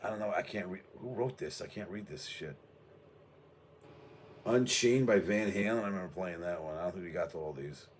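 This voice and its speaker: Guy chatting loose and sweary, kinda low voice, just reminiscing. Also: fairly quick, slight background noise. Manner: profane, offhand, reminiscing. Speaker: music show host. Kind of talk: casual rambling storytelling.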